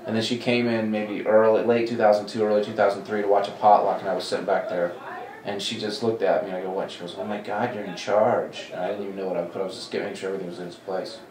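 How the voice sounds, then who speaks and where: A man in his forties speaks fast in a fairly low voice, with a little hiss or hum on the recording. As a comedy club talent coordinator in a casual interview, he recounts stories with energy and voices the people he quotes, captured by a distant mic in a reverberant room.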